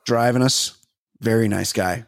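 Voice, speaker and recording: A man's voice: fairly low pitch, fairly even intonation, unhurried, vocal fry, no echo, studio quality. A man co-hosting a comedy podcast, telling rambling, profane stories full of restarts in casual chat. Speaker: podcast co-host.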